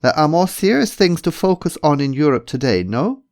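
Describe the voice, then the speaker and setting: A man's voice: fairly high pitch, sing-song, normal speed, pitched above the performer's own voice. A man voicing a serious-minded German male scholar who speaks curtly and dismissively. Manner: curt and dismissive.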